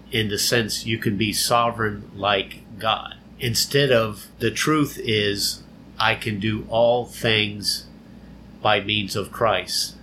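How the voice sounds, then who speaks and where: A man giving an unhurried, conversational Bible teaching, explaining and repeating phrases for emphasis. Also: on the low side, pushed and bright, slight background noise, low-quality recording.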